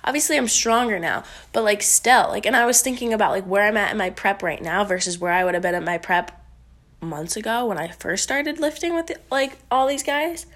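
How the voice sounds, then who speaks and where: A woman's voice: mid-range voice, a little fast, a bit bright. A woman powerlifter talking casually to camera, rambling with lots of fillers and swearing, a little congested. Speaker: powerlifter vlogger. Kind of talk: casual talking-head vlog.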